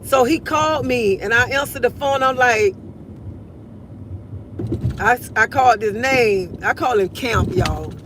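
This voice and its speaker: A middle-aged grandmother telling a funny family story with lively storytelling while chatting with live viewers from her car. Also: a little high, a little slow, long pauses, a little hiss or hum. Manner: lively storytelling, laughs easily. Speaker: livestream host. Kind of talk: casual chat with live viewers. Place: car, driving to work.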